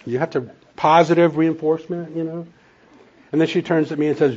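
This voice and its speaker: A man's voice: a little high, fairly even intonation, a little fast, a little mellow, muffled recording. A man preaching a sermon in a conversational, storytelling way, chuckling now and then. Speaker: pastor and counselor.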